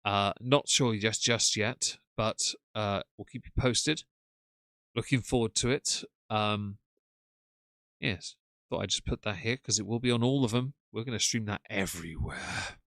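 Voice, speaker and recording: A man's voice: fairly low pitch, measured pace, fairly bright tone, no room sound. A man hosting a live stream, commenting in a sarcastic, mocking way.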